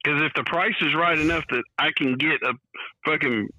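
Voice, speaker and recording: Wry teasing man, bright voice. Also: fairly high pitch, normal speed, no room sound, lo-fi sound. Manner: wry, teasing, swears casually. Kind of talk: casual chat.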